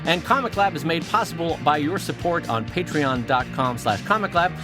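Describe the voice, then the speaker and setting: Playful podcast guy, high voice, music playing under him. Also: moderate pace. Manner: playful, animated. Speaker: podcast co-host. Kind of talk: casual chat.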